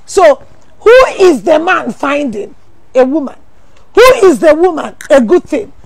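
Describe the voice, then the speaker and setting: High, gravelly woman preaching. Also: big pitch swings, a little slow, no echo. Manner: preaching with rhetorical questions and sudden shouted emphasis. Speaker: pastor. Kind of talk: sermon.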